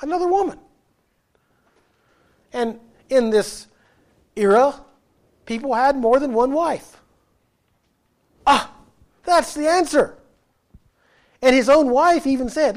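Male preacher, higher-pitched voice, emphatic sermon delivery with questions to the room. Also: slow pace, long pauses. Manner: emphatic, asks the congregation questions.

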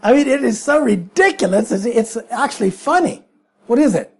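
A man's voice: very high voice, lively intonation, normal speed, creaky, slightly rough. A man preaching a sermon, emphatic and full of rhetorical questions.

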